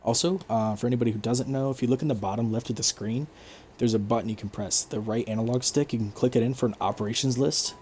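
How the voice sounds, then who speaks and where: A man giving relaxed, explanatory commentary over his own gameplay stream, with frequent fillers. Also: medium pitch, fast talker, slight background noise. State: hiccups. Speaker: gaming streamer.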